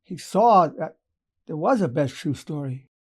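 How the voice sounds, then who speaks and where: A man's voice: on the high side, expressive, measured pace, a little mellow, breathy edge. A psychologist in his eighties giving a lesson by retelling client stories, quoting dialogue and repeating key phrases. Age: 80s. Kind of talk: storytelling lecture.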